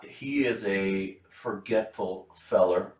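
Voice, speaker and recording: A pompous older nobleman with long, lazy vowels, a man doing the voice. He sits a little low in pitch and speaks from some distance from the mic. The room around him rings noticeably. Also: takes it slowly, darkish tone, roomy sound. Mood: drawling genial. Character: pompous older male nobleman, slow and drawling.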